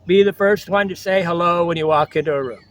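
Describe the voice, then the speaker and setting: A man's voice: sits high, brisk. An older man giving a blunt, lecturing motivational monologue to his vlog viewers and repeating his slogans. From United States. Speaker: travel vlogger.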